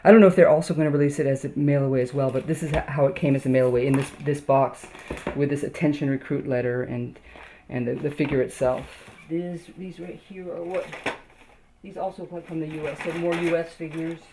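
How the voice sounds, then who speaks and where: A woman toy collector casually showing her collection, halting with many ums and restarts as she reads labels aloud. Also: low-pitched, fairly even intonation. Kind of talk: casual show-and-tell narration. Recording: noisy home video.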